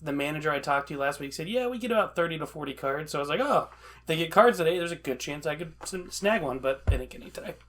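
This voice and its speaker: Excitable man on a casual chat show. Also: a little high, fast talker, a little hiss or hum. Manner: excitable, swears freely. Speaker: podcast co-host.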